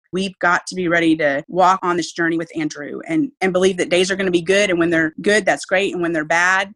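Woman, low voice, heartfelt, interview. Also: fairly bright tone. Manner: heartfelt, faith-filled, earnest. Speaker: mother of a sick child, interviewee. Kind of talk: emotional personal interview.

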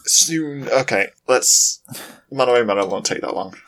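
A man's voice: medium pitch, animated, unhurried, very noisy. A man, a podcast co-host in playful banter who laughs often, on a home microphone with a pop filter over a voice call. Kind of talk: casual chat, outtakes.

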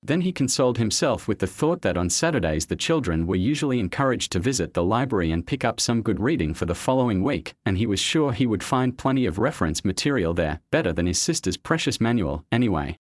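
Low-voiced man reading a story. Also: sing-song, quick pace, hardly any pauses, dry recording, studio quality. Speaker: narrator. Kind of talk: scripted storybook narration.

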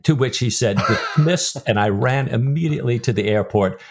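A man's voice: medium pitch, fairly quick, darkish tone. A middle-aged man co-hosting a podcast about a novel. He talks in a loose, rambling way, full of restarts and asides. When he reads passages aloud, he gives them real feeling. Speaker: podcast co-host. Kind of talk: casual book-discussion chat.

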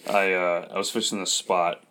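Brief: deep-voiced male co-host, animated and chatty, full of fillers. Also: normal speed, clear, resonant tone. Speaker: podcast co-host. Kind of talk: casual chat.

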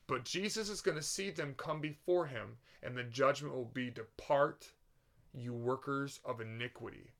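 Fervent man preaching on a podcast. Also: mid-range voice. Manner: fervent, animated, with frequent restarts and rhetorical questions. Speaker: podcast host.

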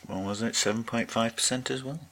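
A man's voice: medium pitch, fairly even intonation, a little fast, fairly bright tone. A man co-hosting a podcast in casual chat, earnest and argumentative, restarting his words often. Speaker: podcast co-host.

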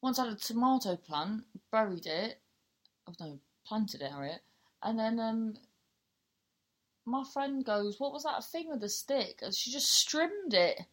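A woman's voice: a little high, lively intonation, unhurried, a bit bright. A woman with a Cornish accent hosting a podcast, chatting casually and rambling, with frequent swearing and self-mockery. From Cornwall. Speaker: podcast host.

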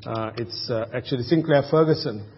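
A man's voice: mid-range voice, brisk, breathy edge. A man preaching a sermon, earnest, asking rhetorical questions and often restarting his sentences. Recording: muffled, reverberant hall.

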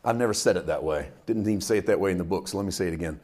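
A man preaching a sermon from Canada, animated, swinging between loud outbursts and quiet asides as he acts out quotes. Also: rapid-fire. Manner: animated preaching with big swings in loudness and pitch, acting out quotes. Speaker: pastor.

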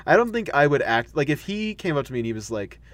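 A man co-hosting a casual podcast chat, animated and laughing often, slipping into playful quoted voices. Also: fairly high pitch, fast talker. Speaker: podcast co-host.

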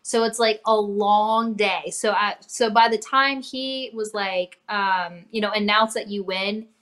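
A woman chef from Cincinnati as an interview guest, talking in a relaxed, chatty way with lots of fillers. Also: mid-range voice, a little slow. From Cincinnati, Ohio. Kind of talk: casual interview chat.

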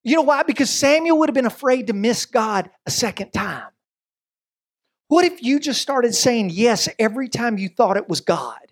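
Animated pastor preaching. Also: male voice, very high voice, slightly rough. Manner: conversational, animated preaching with quick asides and voiced quotes. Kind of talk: sermon.

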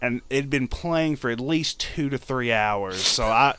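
A man's voice: medium pitch, unhurried, crowd noise. A man in casual podcast chat, hesitant and repeating himself. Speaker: podcast co-host.

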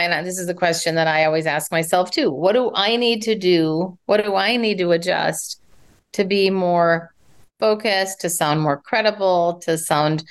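A woman speech coach giving advice in an interview, talking in an animated way and showing vocal variety as she explains. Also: fairly low pitch.

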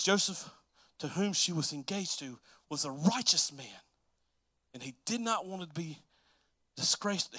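Guy preaching, chatty and laughing, high voice, dry close sound. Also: bright, forceful tone, husky, no echo. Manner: chatty, laughing, acts out Bible figures. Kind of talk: sermon.

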